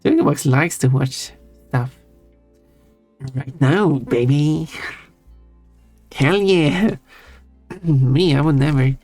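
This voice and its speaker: A man's voice: fairly high pitch, takes it slowly, pauses often, dry recording. A man streaming live, chatting casually and teasingly with his chat and chuckling often. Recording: faint music under voice. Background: soft background music.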